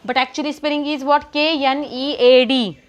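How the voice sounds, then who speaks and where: High-voiced Marathi-accented woman teaching a class. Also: flat delivery, moderate pace. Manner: repetitive questioning, spells words aloud. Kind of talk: classroom lesson.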